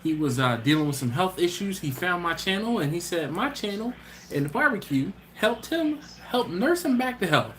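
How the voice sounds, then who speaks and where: Easygoing guy chatting on his live stream, laughs a lot, kinda higher voice. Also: pushed and bright, slight background noise. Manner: laid-back and chatty, laughs often, trails off and restarts. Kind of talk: casual live-stream chat, reading viewer comments.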